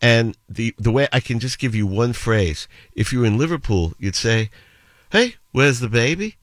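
A man's voice: on the low side, moderate pace, no room sound. A man in his seventies hosting a radio show, chatting with listeners and telling stories with playful accent imitations. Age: 70s. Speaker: radio host. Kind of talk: radio show chat with listener shout-outs and anecdotes.

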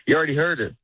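A male stand-up comic talks in a loose, rambling way, restarting sentences and laughing at his own stories. His voice comes through a narrow, phone-like band in a dry studio. He sits at an ordinary middle pitch. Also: dry recording. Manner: rambling, self-correcting, laughs often. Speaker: stand-up comedian and guest. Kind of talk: casual interview chat. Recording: phone-like narrow radio sound.

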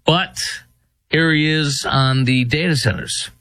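A man's voice: a little high, slow pace, very noisy. A man hosting a casual commentary show, mocking and laughing as he reacts to clips. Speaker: show host.

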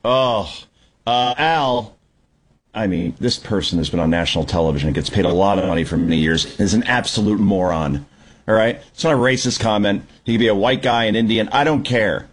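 A man hosting a Sunday morning talk radio show, giving an opinionated, sarcastic monologue that climbs into yelling. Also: on the low side, a little fast, slight background noise. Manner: animated, sarcastic, prone to yelling. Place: at the shore.

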